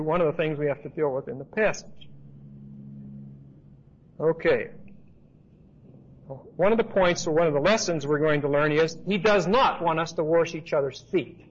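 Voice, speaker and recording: A high-pitched male Bible teacher talks through a passage emphatically, repeating his points in a conversational manner. His voice is husky and breathy, and the recording sounds dull and lo-fi.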